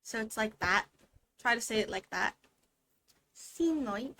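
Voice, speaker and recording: A woman's voice: on the high side, fairly even intonation, normal speed, pushed and bright, a little hiss or hum. A woman giving a playful, chatty language lesson while streaming a game. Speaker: VTuber language teacher.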